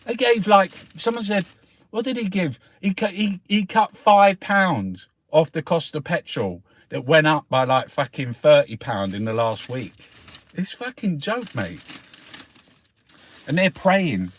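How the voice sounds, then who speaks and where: A man's voice: fairly high pitch, a little slow. A man ranting scornfully through a newspaper review, swearing constantly. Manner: sweary, scornful, animated rant. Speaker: political vlogger.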